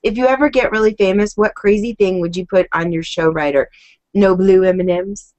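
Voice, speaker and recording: A woman's voice: mid-range voice, brisk, darkish tone, highs cut off. A woman hosting an online music chat, asking questions in a chatty, upbeat way. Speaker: host. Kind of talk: casual interview chat.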